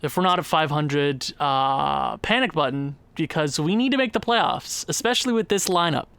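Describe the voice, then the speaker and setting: A young man commenting on his own gameplay, sighing and exasperated, his voice jumping high when frustrated. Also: moderate pace, vocal fry, a bit bright, clear, resonant tone, dry recording. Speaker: gaming YouTuber.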